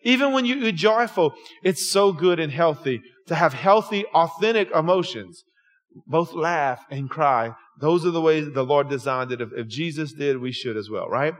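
A middle-aged man preaching a folksy sermon, calling out to the congregation and dropping from loud, lively bursts to low, soft stretches. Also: normal speed. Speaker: pastor.

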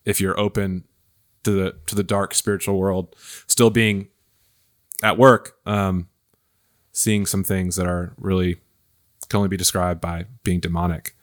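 Low-voiced pastor leading a Bible chat. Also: male voice, level tone, measured pace, pauses often. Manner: thoughtful, hesitant, many fillers and restarts. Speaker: pastor hosting a Bible study podcast. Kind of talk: casual discussion.

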